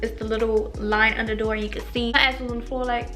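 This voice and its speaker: A young woman telling stories in a casual, animated way, swearing a lot and acting out what people said. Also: on the high side, fast talker, faint music behind. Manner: animated, profane, acts out quoted lines. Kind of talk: casual storytime monologue.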